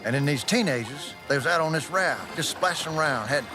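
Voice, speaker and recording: A man playing a folksy washed-up cowboy pitchman. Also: animated, brisk, over music, close to an everyday voice. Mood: rambling. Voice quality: drawling, folksy, keeps saying "man". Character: folksy laid-back former cowboy pitchman, middle-aged man. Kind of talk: comedic ad acting.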